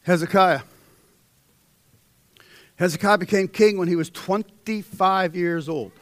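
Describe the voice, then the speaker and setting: A young man delivers a fervent sermon in a fairly high voice. He drops to a hush, then climbs into loud, ringing exhortation. The sound is dry and close. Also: a little slow, dry recording. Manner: swings between hushed intensity and loud, rising exhortation. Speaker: preacher.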